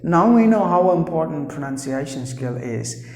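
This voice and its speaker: Indian English teacher in an echoey room. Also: male voice, fairly high pitch, expressive, darkish tone. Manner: slow, deliberate, repeats example words. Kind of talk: explaining pronunciation to learners. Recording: echoey room with long reverb.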